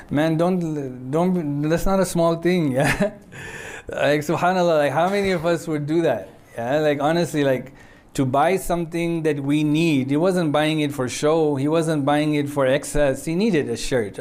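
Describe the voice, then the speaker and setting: Conversational preacher, slightly high voice. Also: male voice, a little mellow. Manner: conversational, frequent checking "yeah?" with audience; quotes Arabic passages swiftly. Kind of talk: sermon storytelling.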